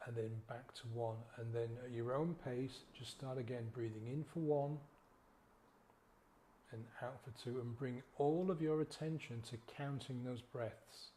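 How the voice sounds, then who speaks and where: Gentle, soothing male breathing coach. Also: medium pitch, steady tone, unhurried, a little hiss or hum. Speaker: sobriety coach. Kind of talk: guided breathing exercise.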